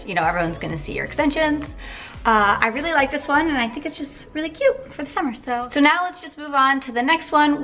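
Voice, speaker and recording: A woman's voice: mid-range voice, fairly bright tone. Chatty young woman giving hair tips. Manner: chatty, with fillers and asides. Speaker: beauty vlogger. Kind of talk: casual hair tutorial.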